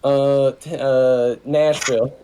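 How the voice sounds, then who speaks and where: A man playing a tabletop game, chatting casually in a halting, rambling way and swearing freely. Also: medium pitch, little pitch movement, background noise. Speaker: player.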